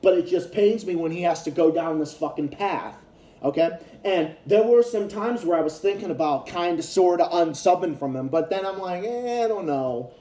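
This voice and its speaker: Man, ranting vlogger, profane and heated, mellow tone, fairly high pitch, echoey room. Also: moderate pace. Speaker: YouTube commentator. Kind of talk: ranting commentary vlog.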